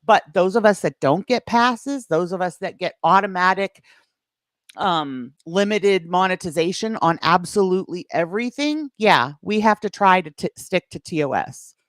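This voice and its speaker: A woman's voice: on the low side, lively intonation, normal speed, no echo, studio quality. A woman hosting a reaction commentary stream, sarcastic and lecturing. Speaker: commentary channel host.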